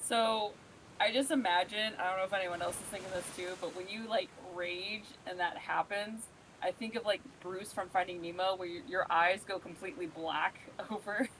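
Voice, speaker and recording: Give me a woman player who swears and talks loudly, with faint background noise. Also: fairly low pitch, steady tone, normal speed, rough recording. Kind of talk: casual chat.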